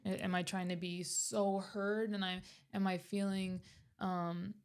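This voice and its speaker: A woman's voice: mid-range voice, little pitch movement, unhurried, smooth. A young woman co-hosting a podcast with her father, speaking candidly in casual conversation and questioning her own habits. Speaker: podcast co-host, daughter.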